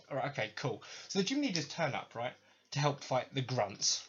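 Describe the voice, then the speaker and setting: A man's voice: medium pitch, sing-song, normal speed, fairly bright tone, lo-fi sound, a little hiss or hum. A young man hosting a podcast, ranting in exasperated, sarcastic, sweary commentary. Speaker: podcast host.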